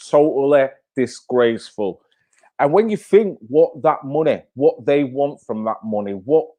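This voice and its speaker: Here a mellow, medium-pitched man runs his own channel. The casual live-stream commentary comes out blunt and heated, peppered with swearing and questions he doesn't expect answered.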